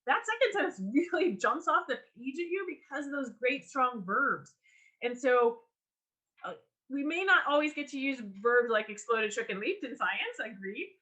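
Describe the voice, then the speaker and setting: A woman teaching a writing workshop over a video call, upbeat and animated, with a voice pitched a little high. Her tone is bright, and she often restarts with an um before carrying on. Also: poor audio. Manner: lively, enthusiastic teaching with frequent ums and restarts. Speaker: workshop leader. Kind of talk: online writing workshop lecture.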